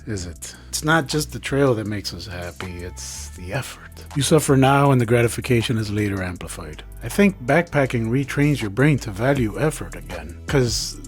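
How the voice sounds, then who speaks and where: A man's voice: mid-range voice, expressive, moderate pace, few pauses, soft background music. A young man in a casual comedic vlog, talking outdoors on a trail with joking, rambling, slangy asides. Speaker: backpacking vlogger.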